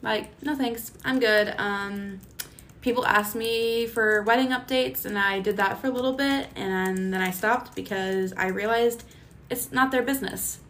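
A woman's voice: fairly high pitch, steady tone, measured pace, fairly bright tone. Young woman, podcast co-host, blunt and opinionated, casual chat, laughs between remarks.

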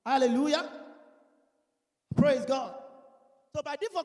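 A woman preaching an animated sermon, reading scripture aloud and calling out to the congregation. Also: sits high, unhurried, long pauses.

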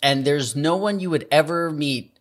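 Male co-host, slightly high voice, loose rambling stories with swearing. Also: normal speed. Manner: rambling, profane, many likes. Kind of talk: casual chat, storytelling.

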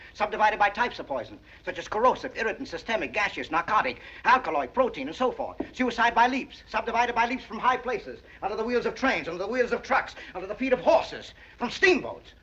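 An actor playing a fast-talking, scornful insurance claims man who lectures in a rapid, list-reciting tirade, heard from a dull old film soundtrack. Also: high voice, sharp tone, full character voice.

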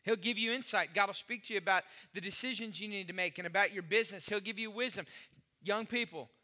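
A man preaching with a very high, piercingly bright voice. He talks straight to his listeners, punching some phrases and dropping others to a near hush. Everything carries a long, reverberant hall tail. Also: quick pace. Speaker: pastor. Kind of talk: sermon.

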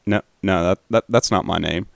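A man's voice: low voice, normal speed, vocal fry, no echo, studio quality. A man voicing a modest, flustered small-town family man who stammers and brushes people off.

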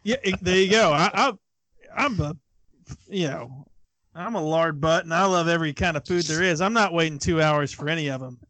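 Guy with a high voice, emphatic storyteller, talk show banter, dead dry mic. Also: moderate pace, pushed and bright, no room sound. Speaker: co-host. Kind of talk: casual radio chat.

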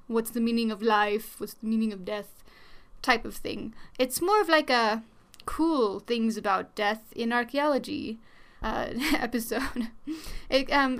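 Her voice sits on the high side, pushed and bright with a clean tone. She's a young woman doing a casual solo episode of her own podcast on a new studio microphone, rambling along with plenty of fillers and little laughs.

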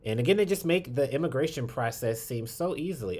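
A man co-hosting a podcast in casual chat, chatty and quick to laugh, swearing freely. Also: mid-range voice, expressive, darkish tone. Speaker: podcast co-host.

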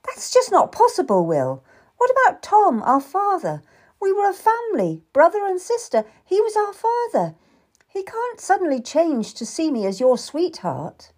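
A woman reading the lines of a spirited young Tudor lady, high-pitched and emphatic in her protests. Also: wildly swooping pitch, moderate pace, a little mellow, heavily acted. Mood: protesting.

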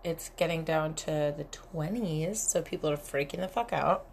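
A woman's voice: low-pitched, moderate pace, creaky, darkish tone, slight background noise. A young adult woman hosting a casual solo podcast, telling stories candidly with lots of swearing and frequent laughter. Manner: candid, profane, laughs often. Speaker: podcast host. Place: cabin.

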